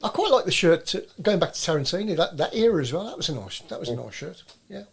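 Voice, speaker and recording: A man's voice: a little high, very animated, quick pace, creaky, over music. A man co-hosting a casual football podcast, easygoing and agreeable, often chiming in with repeated yeahs. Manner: agreeable, lots of yeah-yeahs. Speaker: podcast co-host.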